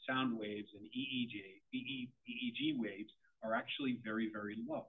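A man speaks to a room of parents in a conversational style, restarting his sentences with repeated words. His voice is a little husky and sits at an ordinary pitch. The sound is thin and tinny, like a phone line. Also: fairly even intonation, normal speed, few pauses. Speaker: parent forum presenter. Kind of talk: presentation to parents.

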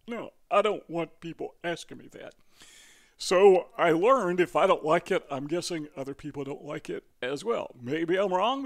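An older vlogger with a Midwestern American accent delivers a casual talking-head monologue, rambling conversationally with lots of fillers and self-corrections. His voice is gravelly and on the high side.

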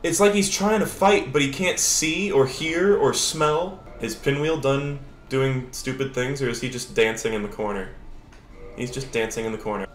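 A young man streaming a video game, chatting casually and excitably with swearing, sudden shouts and laughter. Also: medium pitch, moderate pace, echoey room. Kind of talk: casual gameplay commentary. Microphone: older lower-quality desk mic.

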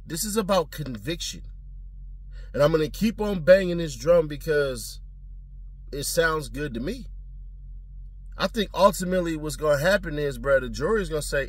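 A man's voice: fairly high pitch, animated, normal speed, dry recording. A man giving blunt, slangy, profane commentary in a casual talking style.

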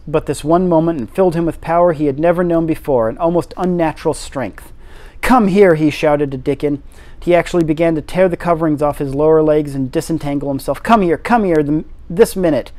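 Man reading aloud, fairly high voice. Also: a little fast. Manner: steady reading with occasional slips and restarts. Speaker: reader. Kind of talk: audiobook reading of a classic novel.

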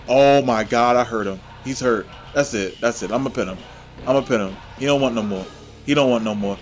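A man hosting his own gameplay channel, giving excitable, trash-talking play-by-play commentary. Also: mid-range voice, a little fast, faint music behind.

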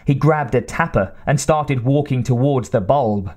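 A man narrating an audiobook in a measured reading style. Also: medium pitch, a little mellow. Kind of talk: scripted narration.

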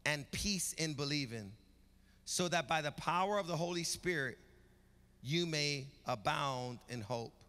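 A man's voice: fairly high pitch, animated, unhurried, sharp tone. A man pastor preaching a sermon in a church, with rhythmic build-ups that rise to emphatic peaks. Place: church sanctuary. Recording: reverberant church hall.

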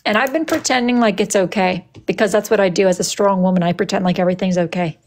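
A woman's voice: mid-range voice, fast talker, a little mellow. A young woman hosting a casual livestream, reading viewer comments aloud in a sassy, dramatic, playful way. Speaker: livestream host.

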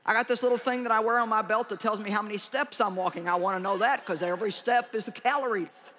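Bright, punchy woman preaching at a conference. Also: mid-range voice, quick pace, slight background noise. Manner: animated and joking, punching key lines loudly. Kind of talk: conference sermon. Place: large conference hall.

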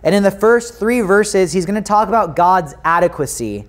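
A man's voice: sits high, animated, normal speed. A man with an American accent preaching a sermon in a church, reading scripture, praying and talking to the congregation in an earnest, conversational way. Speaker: pastor. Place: church sanctuary.

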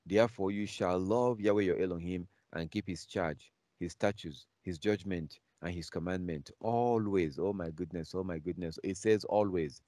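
A man teaching a bible class, emphatic and repetitive, reading scripture aloud slowly and repeating key phrases again and again. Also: deep voice, dark tone, dry recording, clean studio sound.

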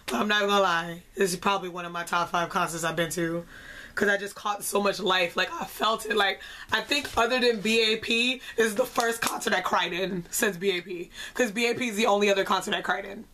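A young woman vlogger giving an excitable, chatty concert review, full of "like". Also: medium pitch, brisk. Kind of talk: casual concert review vlog.

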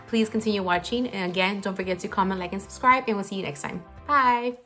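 A woman beauty vlogger chatting casually while she does her makeup, rambling with lots of fillers, her voice low from the morning. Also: fast talker, over loud music. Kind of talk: casual get-ready-with-me chat. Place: home, seated at a filming setup.

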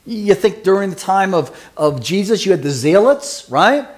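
A man's voice: high voice, big pitch swings, normal speed. A man preaching a sermon who asks his congregation questions and teases members by name. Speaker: pastor.

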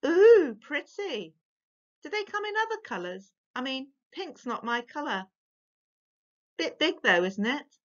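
A woman's voice: sing-song, normal speed, few pauses, fairly bright tone. A woman doing mocking, teasing big brothers. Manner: mocking, sing-song, high put-on tone. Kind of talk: storybook reading. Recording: dull lo-fi recording.

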